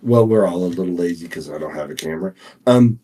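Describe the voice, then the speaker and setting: Husky-voiced man on a laid-back podcast. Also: sits low, mellow. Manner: laid-back, chiming in with quick agreement and pop-culture asides. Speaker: podcast co-host. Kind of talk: casual chat.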